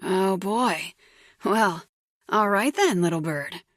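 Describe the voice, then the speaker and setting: Lady doing a smug teasing guy, slow amused drawl, dry recording. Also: mid-range voice, animated, no echo.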